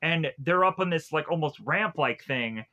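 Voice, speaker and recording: A man giving a casual spoken film review, rambling and halting with many filler words. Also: a little high, lively intonation, pushed and bright, lo-fi sound.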